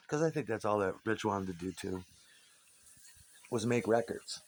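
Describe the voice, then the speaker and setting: A man's voice: on the low side, animated, unhurried, pauses often. A man in a rambling, casual monologue, swearing freely and restarting his sentences as he tells stories about his old bandmates. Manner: meandering, profane, frequent restarts.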